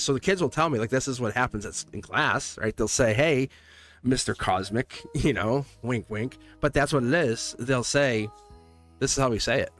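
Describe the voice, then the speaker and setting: A man with an average-pitched voice chats loosely through a live tarot reading. He laughs often and rambles, breaking off to quote himself. Faint music plays underneath. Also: a bit bright. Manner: chatty, laughs often, rambling self-interrupting stories. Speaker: tarot reader. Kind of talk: casual livestream chat. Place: home studio.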